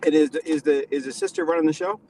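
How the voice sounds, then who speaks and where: A man hosting a live stream, teasing his guest with mock-serious, deadpan lectures in casual banter. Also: fairly high pitch, fast, a little hiss or hum, rough recording. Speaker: stream host.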